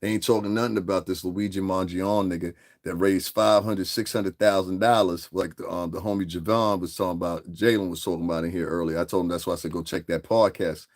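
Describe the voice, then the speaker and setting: A man's voice: low-pitched, fairly even intonation, brisk, hardly any pauses. A middle-aged man hosting a livestream, talking in a boastful, profane casual rant and often laughing mid-sentence. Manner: boastful, profane, keeps asking "you understand what I'm saying". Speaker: livestream host.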